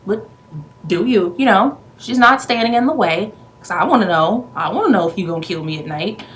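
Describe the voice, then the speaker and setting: A woman's voice: medium pitch, animated, fairly quick, poor audio. A woman recapping a movie in a casual vlog, rambling and profane, with sarcastic, exasperated asides. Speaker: movie reviewer.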